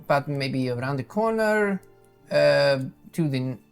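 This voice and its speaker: A man voicing a helpful townsperson who gives street directions haltingly, with many fillers. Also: fairly high pitch, lively intonation, creaky, faint music behind.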